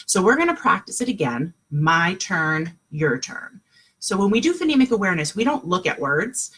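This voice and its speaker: A woman teaching a kindergarten class online from home, speaking slowly and clearly in a sing-song, encouraging way for small children. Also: lowish voice, very animated, fairly bright tone.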